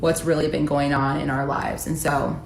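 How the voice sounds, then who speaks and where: A woman's voice: low-pitched, level tone, moderate pace, creaky. A woman in her thirties from the United States earnestly recounting a personal story in a vlog. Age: 30s. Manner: earnest, emotional retelling, reading out texts. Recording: echoey room with faint ambient noise.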